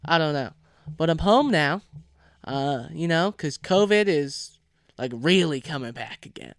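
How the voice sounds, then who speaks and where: A man's voice: fairly high pitch, a little slow, no room sound, clean studio sound. Young man telling rowdy stories. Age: young adult. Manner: animated, swearing, acts out quoted voices. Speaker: podcast host. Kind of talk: casual storytelling monologue. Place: home.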